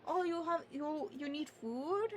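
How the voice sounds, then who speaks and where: A woman's voice: high-pitched, a little slow, slight background noise, pitched above the performer's own voice. A woman putting on the voice of a doting grandparent who fusses over feeding a grandchild, with a put-on accent. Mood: fussing. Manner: fussing, cooing, put-on accent. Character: doting sweet grandparent offering food.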